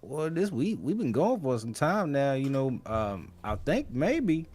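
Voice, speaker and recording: A man's voice: medium pitch, sing-song, a little mellow. A man playing a folksy, food-loving rabbit adventurer. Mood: coaxing. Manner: folksy, drawn-out savoring talk.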